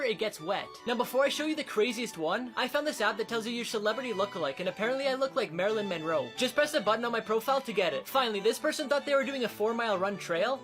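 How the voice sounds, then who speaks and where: Playful young woman over background music. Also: a little high. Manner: playful, with sudden loud shouts. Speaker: comedy short-video creator. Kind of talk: quick comedy skits and listicle narration.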